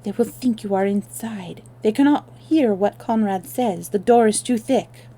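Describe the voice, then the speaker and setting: A woman's voice: mid-range voice, a little slow. Woman putting on a bold young French maid. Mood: urgent. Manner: urgent and hushed, with French exclamations. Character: young French maid girl, quick and daring.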